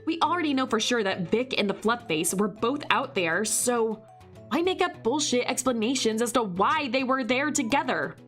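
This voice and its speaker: A woman's voice: fairly high pitch, animated, moderate pace, fairly bright tone, faint music behind. A woman reading a wry, slangy young detective. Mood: wry, suspicious. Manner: sarcastic, slangy, suspicious. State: hoarse. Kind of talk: reading visual novel narration aloud.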